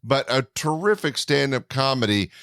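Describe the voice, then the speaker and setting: A man's voice: animated, moderate pace, fairly bright tone, no room sound. Male podcast host, upbeat intro, mid voice, dry close mic. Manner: friendly, upbeat promo pitch. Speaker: podcast host and club owner.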